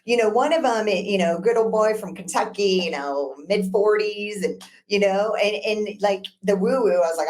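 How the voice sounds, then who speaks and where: A woman's voice: medium pitch, normal speed, hardly any pauses. Chatty woman telling stories with laughs. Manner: chatty, laughs often, lively storytelling. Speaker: business broker guest. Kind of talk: casual podcast interview.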